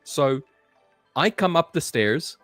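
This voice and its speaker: A man's voice: fairly high pitch, animated, slow pace, fairly bright tone, no room sound, faint music behind. Joking man chatting. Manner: joking, rambling, repeats words. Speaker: livestream co-host. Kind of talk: casual chat.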